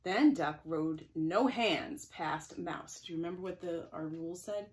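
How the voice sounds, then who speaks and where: A woman librarian reading a picture book to preschoolers, gentle and expressive, with chatty asides to the children. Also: lowish voice, unhurried. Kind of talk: preschool story time reading.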